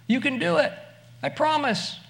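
A man's voice: very high voice, moderate pace, vocal fry, fairly bright tone. A man preaching a sermon as a pastor, in a conversational way, asking the listeners direct questions.

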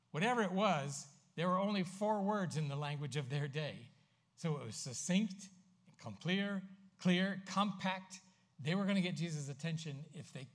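A man preaching a sermon as pastor, swinging from emphatic, loud lines to hushed asides. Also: fairly high pitch, expressive, normal speed.

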